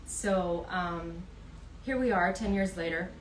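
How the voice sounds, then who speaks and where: A woman hosts a casual live wellness interview, speaking slowly and gently with frequent ums. Her voice sits back from the mic in a reverberant room, with faint noise behind her. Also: fairly low pitch. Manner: gentle, unhurried, many ums. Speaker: host. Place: in Vancouver. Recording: echoey room, voice from a distance.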